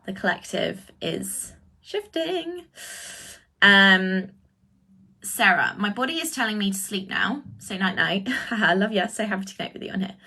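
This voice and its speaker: A woman acting as a spiritual coach, talking in a casual livestream and answering viewers' comments, with effusive, drawn-out exclamations. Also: mid-range voice, big pitch swings, pushed and bright. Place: indoors, live video stream.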